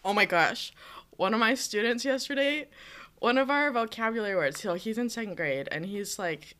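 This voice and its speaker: A woman's voice: on the high side, normal speed, pushed and bright. A woman in her twenties from the United States, a teacher, telling a rambling story in casual chat with lots of fillers. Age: 20s.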